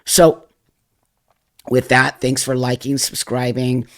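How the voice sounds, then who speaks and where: A man's voice: medium pitch, flat delivery, slow pace. Impassioned man addressing viewers. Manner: emphatic, repeats points, addresses viewers directly; emotional, voice softens and drops. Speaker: channel host. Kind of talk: impassioned commentary to camera.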